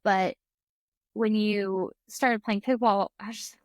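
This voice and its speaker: Chatty twenty-something woman, lots of "like", mid pitch, dry close mic. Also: steady tone, unhurried, no room sound. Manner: chatty, fills speech with "like". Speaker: guest. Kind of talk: casual chat.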